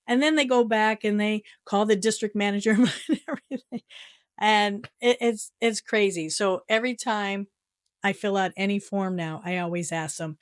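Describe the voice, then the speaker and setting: A middle-aged woman from the United States tells a story to the camera in a casual vlog, animated and exasperated, laughing often. Her voice sits at an ordinary pitch and sounds close and dry, with almost no room echo. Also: normal speed. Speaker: vlogger. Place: her home in Japan.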